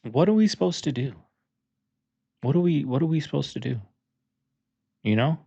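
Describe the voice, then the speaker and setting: A man's voice: fairly high pitch, expressive, normal speed, gravelly, dark tone, husky. A man hosting a reaction video, talking in a laid-back, chatty, amused way. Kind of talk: casual reaction commentary. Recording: dull lo-fi sound.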